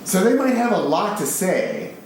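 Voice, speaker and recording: A man from the United States, giving a live public lecture in an excitable, animated, casually profane way. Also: sits high, normal speed, background noise. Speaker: speaker giving a public talk. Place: large concert hall with an audience. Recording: very echoey live hall recording.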